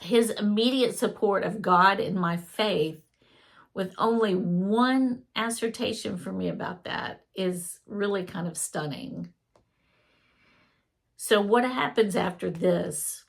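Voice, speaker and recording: A woman's voice: mid-range voice, slow pace, gravelly. A woman telling an earnest, emotional faith testimony in a casual spoken style.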